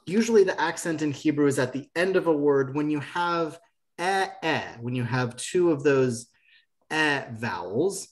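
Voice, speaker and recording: A patient teacher speaking through a video call. The delivery is encouraging and explanatory, with mid-range pitch. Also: moderate pace. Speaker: Hebrew teacher. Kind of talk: online class teaching.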